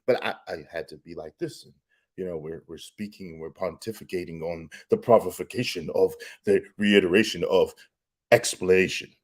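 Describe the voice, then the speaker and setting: A stiff, pompous pseudo-intellectual , as a man puts him on speaks in a low, hushed, half-whispered voice. Every word is delivered with affected, overly careful formality. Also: moderate pace. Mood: mock-pompous.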